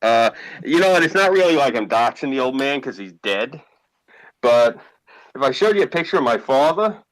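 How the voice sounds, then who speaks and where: A man's voice: mid-range voice, big pitch swings, normal speed, dry recording, rough recording. A man with a New York accent chatting on a livestream, swearing freely and telling stories. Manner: profane, storytelling. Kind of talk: casual livestream chat.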